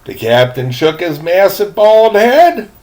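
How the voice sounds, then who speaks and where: A man's voice: high-pitched, big pitch swings, takes it slowly, darkish tone. An older man reading a novel aloud, folksy, stopping for chatty asides to the listener. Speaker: reader, storyteller.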